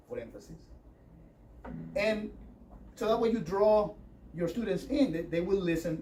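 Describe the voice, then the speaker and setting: A man teaches a guitar workshop in a high voice with a darkish tone, talking loosely and conversationally with many fillers as he demonstrates playing. The recording comes from a distant mic and has faint noise.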